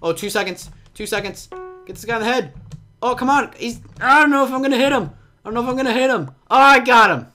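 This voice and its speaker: A young man giving excitable, jumpy commentary on a game, with a slight cough and frequent yelps and laughs. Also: very high voice, fast, faint music behind. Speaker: gaming commentator. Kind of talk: casual Minecraft gameplay commentary.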